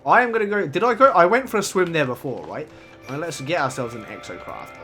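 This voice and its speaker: Young male gaming host, excitable and gushing, with a bright voice that leaps up and down, and faint music under him. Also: fairly high pitch, normal speed. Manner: excitable, gushing, laughs often. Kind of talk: let's play commentary.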